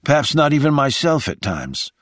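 A man's voice: mid-range voice, huge pitch swings, moderate pace, a bit bright, no echo, clean studio sound, pitched above the performer's own voice. A man voicing a guarded, intense woman, in an audiobook reading. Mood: strained.

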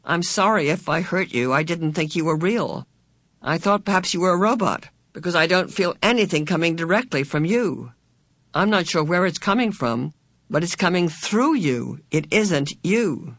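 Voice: mid-range voice, expressive, moderate pace, fairly bright tone, no echo. A narrator voicing a precocious little boy who talks in an earnest, proclaiming way. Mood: defiant. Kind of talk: audiobook character voice.

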